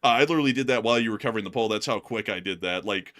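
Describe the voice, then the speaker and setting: Talking very fast in a fairly low, somewhat bright voice, a man delivers casual live news commentary from his home studio while out of breath. He rambles chattily and addresses his audience as "folks."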